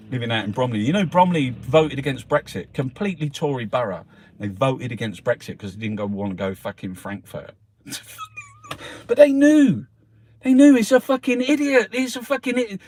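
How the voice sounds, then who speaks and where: High-voiced, sweary man ranting. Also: a bit bright. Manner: angry, sweary, heated rant. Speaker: host reviewing newspapers. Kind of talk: ranting commentary.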